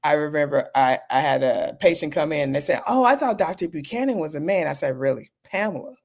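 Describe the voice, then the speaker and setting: Middle-aged woman, lowish voice, doctor guest recounting her experiences, animated, mimics others. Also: fairly quick. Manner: candid, animated, acts out quoted people. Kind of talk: personal storytelling in an interview.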